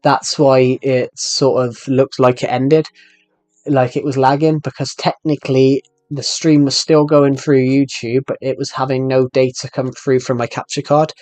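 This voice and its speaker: A man's voice: mid-range voice, flat delivery, moderate pace, darkish tone, no echo, faint music behind. Man rambling through a game stream. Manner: rambling, hesitant, with many fillers. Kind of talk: live game stream commentary.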